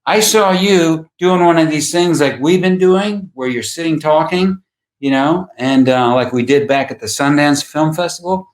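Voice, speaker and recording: A man doing an excitable older actor. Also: normal speed, reverberant, close to an everyday voice. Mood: eager. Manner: high, eager, wondering tone. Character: chatty older male actor, eager and excitable.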